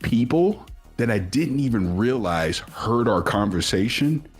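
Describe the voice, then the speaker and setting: A man telling a long personal story in casual chat, animated, acting out what others said. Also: a little slow, breathy edge, soft background music. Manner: animated storyteller, acts out quoted voices at much higher pitch. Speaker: podcast guest.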